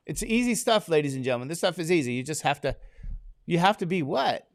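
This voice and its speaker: A male teacher lecturing in a classroom, whose voice swings high and low as he jokes with his students. He asks the class one question after another, and he sounds a little drowsy from medication. His voice sits somewhat high for a man. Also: very animated, quick pace.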